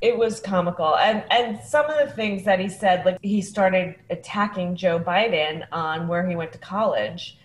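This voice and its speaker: A woman comedian in a casual chat. She tells stories in an animated way and laughs often, over a video call. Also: lowish voice, normal speed, few pauses, echoey room, slight background noise. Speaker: comedian co-host.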